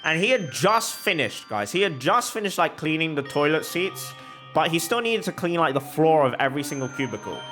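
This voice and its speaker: A young man chatting while he plays, spinning an embarrassing anecdote with big comic exaggeration. His voice sits a bit high and comes across bright and forceful. Faint music plays underneath. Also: fairly quick. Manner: animated, exaggerated comic storytelling. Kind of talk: casual storytelling while gaming.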